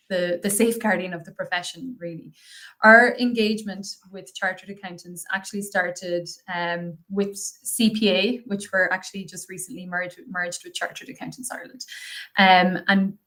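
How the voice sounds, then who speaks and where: A woman's voice: fairly low pitch, fairly bright tone. A woman guest on a podcast interview, talking chattily and enthusiastically with plenty of fillers. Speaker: guest, consultancy associate partner.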